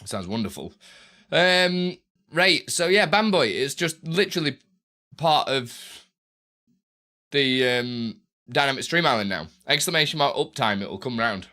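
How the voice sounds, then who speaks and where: A man's voice: mid-range voice, expressive, a little slow, pushed and bright. A young man live-streaming, chatting casually with viewers while he tinkers with his setup, often tripping over and repeating his words.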